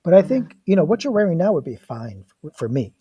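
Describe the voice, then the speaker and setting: A man's voice: a little high, sing-song, brisk, lo-fi sound. A man directing a casual production meeting over a video call, explaining plans in an easygoing, reassuring way.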